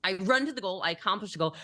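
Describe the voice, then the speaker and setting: Bright-voiced woman, upbeat storyteller. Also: medium pitch, no echo. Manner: animated, giggly, upbeat. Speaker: podcast guest. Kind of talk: personal storytelling in a podcast interview.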